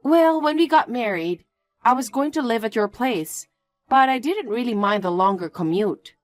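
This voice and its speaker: A woman's voice: on the high side, expressive, moderate pace, soft background music, close to an everyday voice. A woman voicing an earnest young engaged woman who pleads and questions in scripted story dialogue. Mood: upset. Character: young woman engaged, hurt but firm.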